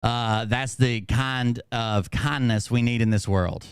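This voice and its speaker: A man's voice: medium pitch, steady tone, slow, smooth, dry recording, clean studio sound. A man hosting a livestream, ranting in an angry, combative way and swearing constantly. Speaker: channel host.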